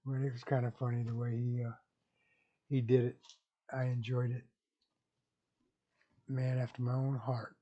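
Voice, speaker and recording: Folksy rambling man with a mellow voice. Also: mid-range voice, level tone, measured pace, pauses often, lo-fi sound. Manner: folksy, rambling, chuckles at own jokes. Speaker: YouTube vlogger. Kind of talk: casual monologue with jokes.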